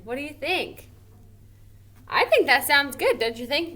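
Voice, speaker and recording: A woman teacher giving a recorded grammar lesson to first graders, slow and encouraging, drawing out her example sentences expressively. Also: a little high, animated, sharp tone. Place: home or classroom at a smartboard.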